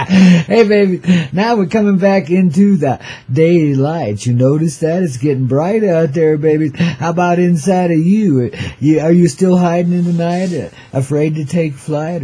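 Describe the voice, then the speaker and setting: A man's voice: a little high, unhurried, warm tone, slightly rough. An older man hosting his own show, drifting through a laid-back rhyming monologue full of hip slang, calling his listeners "babies" and "man" and chuckling between lines. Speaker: show host.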